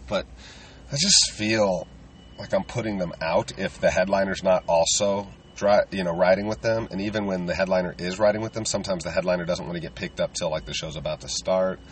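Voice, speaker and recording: A man's voice: deep voice, fairly bright tone, recorded from a distance, a little hiss or hum. A man, a touring stand-up comedian, rambling casually and self-deprecatingly with lots of fillers.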